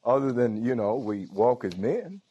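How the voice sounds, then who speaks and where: In a church, a male pastor preaches informally, repeatedly calling out to his congregation. His mid-range voice swings widely in pitch and moves at a measured pace, with a dark, breathy tone. The recording sounds lo-fi.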